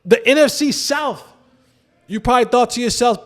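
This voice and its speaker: A man hosting a sports show, talking casually about football with lively swings and rhetorical questions to viewers. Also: normal speed. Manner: animated, drops to low emphatic asides, rhetorical questions to viewers. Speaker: sports podcast host. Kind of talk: casual football commentary to camera.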